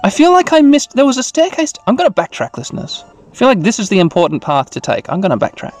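A man's voice: sits high, huge pitch swings, quick pace. A man casually narrating a video game aloud, rambling and correcting himself with chuckling asides. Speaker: host reading a game aloud for sleep. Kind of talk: casual let's-play narration.

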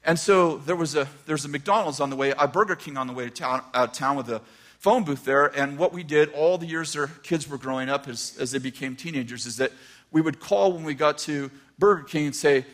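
Older guy preacher, kinda high voice, spinning a story, goes hushed then yells. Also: a little fast. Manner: animated, shifting from hushed to shouting. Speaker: pastor. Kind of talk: storytelling sermon.

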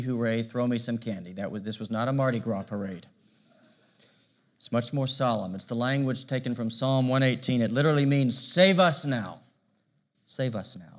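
A male pastor preaching a sermon, measured and emphatic, asking rhetorical questions. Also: medium pitch.

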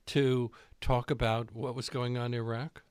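A man's voice: mid-range voice, little pitch movement, moderate pace, clean tone, no echo, clean studio sound. A man interviewing a guest, asking brief, direct questions.

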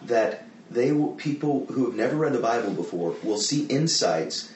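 A man hosting a conversational interview, eager and quick to affirm his guest. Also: mid-range voice, expressive, darkish tone, roomy sound, recorded from a distance, slight background noise, rough recording. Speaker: host, interviewer.

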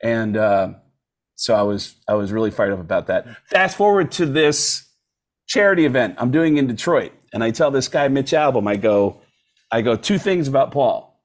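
A male comedian telling a story as a podcast guest, his pitch swinging widely. He plays out every voice in the tale with animated energy. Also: normal speed.

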